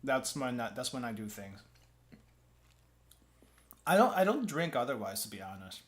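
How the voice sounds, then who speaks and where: An American man streams as a VTuber, chatting casually while tasting snacks and talking around a mouthful of gum. He rambles and self-corrects, often restarting phrases. His mid-range voice is very animated, at a normal speed.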